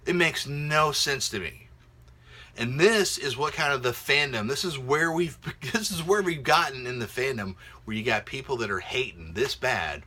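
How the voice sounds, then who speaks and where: A middle-aged man ranting casually on his vlog from his home office, mocking others in squeaky put-on voices. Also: normal speed. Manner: animated, mocks others in high squeaky voices. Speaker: video blogger.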